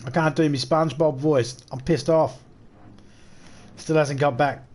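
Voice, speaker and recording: A man's voice: a little high, fairly even intonation, measured pace, a little mellow. Crude joking Australian man gaming. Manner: crude, joking, talks trash at enemies. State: voice still rough after losing it. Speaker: game streamer. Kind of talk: live gameplay commentary.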